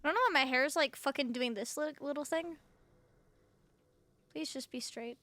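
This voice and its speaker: Bright high-voiced woman streamer. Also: moderate pace. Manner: baby-talk to her cat, giggly. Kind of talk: casual live-stream chat.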